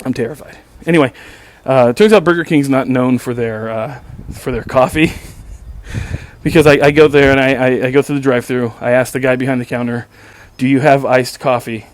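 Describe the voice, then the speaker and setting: A man's voice: mid-range voice, fairly even intonation, brisk. A man hosting his own show, telling a story in a sarcastic, exasperated and profane way, often restarting his sentences. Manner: repetitive stammering restarts. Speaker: podcast host. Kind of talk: casual storytelling monologue.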